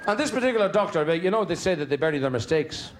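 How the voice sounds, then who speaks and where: An Irish male comedian spinning rambling family yarns on stage. His voice sits a touch high, and he stumbles and restarts for timing. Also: expressive, rapid-fire, a faint crowd. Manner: chatty, digressive, stumbling restarts for comic timing. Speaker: stand-up comedian. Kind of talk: stand-up storytelling.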